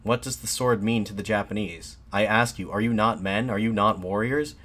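A man voicing a defiant middle-aged man haranguing soldiers, declaiming insistently and rising to shouts. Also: on the low side, moderate pace. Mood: pleading.

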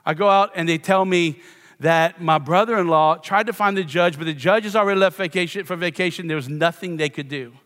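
Middle-aged male pastor from Louisiana, high-pitched, wry self-mocking sermon storyteller, long reverb of a church hall. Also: a little fast, fairly bright tone. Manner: self-deprecating storyteller, playful asides. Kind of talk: sermon with humorous personal story.

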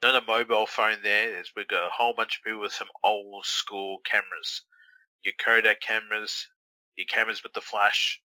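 A man's voice: lowish voice, flat delivery, normal speed, sharp tone, dry recording, rough recording. A man co-hosting a wrestling watch-along, teasing his friend with crude, mocking, profane banter.

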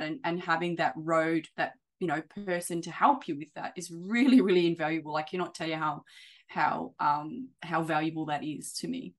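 Animated woman, fairly low voice. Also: normal speed. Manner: animated, acts out quoted conversations. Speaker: property investor client. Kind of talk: casual interview chat.

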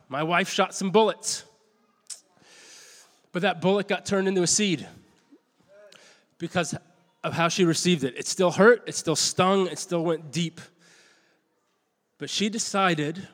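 In a church-hall-like space where a long reverb trails each phrase, a middle-aged male pastor gives a sermon. He rambles conversationally through stories, restarting often and tossing in self-deprecating asides. His voice is a little high for a man.

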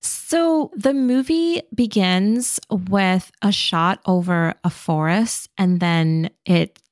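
A woman's voice: medium pitch, slow, dry recording, studio quality. A young woman co-hosting a podcast, chatting in a playful way with laughter and dramatic asides. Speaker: podcast co-host. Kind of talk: casual chat.

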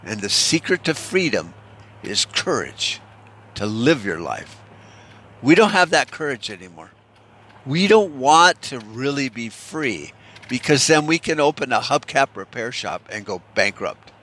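A man's voice: medium pitch, big pitch swings, unhurried, fairly bright tone. A middle-aged man in a casual opinion monologue, ranting bluntly and swearing freely as he talks. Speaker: vlogger.

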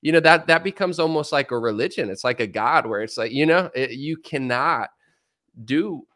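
A man hosting a casual podcast, trading jokes and sarcastic asides as he talks politics. His voice sits at a middle pitch and moves around a lot as he acts out what others might say. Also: normal speed. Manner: joking, animated, sarcastic asides. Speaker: podcast host.

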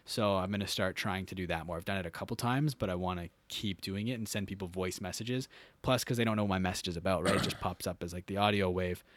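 A man in a casual podcast conversation, speaking quickly in a somewhat low voice. He rambles and restarts his sentences with upbeat energy. The sound is dry and close. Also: no echo. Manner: rambling, self-correcting, upbeat. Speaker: podcast guest.

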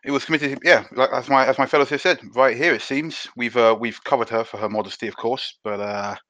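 A man playing a tabletop game, jokey and playful as he talks in and out of character. His voice is bright and forceful. The sound is dry and close. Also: mid-range voice, steady tone, brisk, no echo, muffled recording. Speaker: player. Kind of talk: casual tabletop role-play.

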